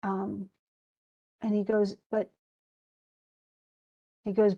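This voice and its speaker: On a muffled recording, a woman's mellow mid-range voice moves at a slow pace with a level tone and frequent pauses. She is a teacher giving a casual lecture that retells a play, chatty, often restarting, and wistful over the tragedy.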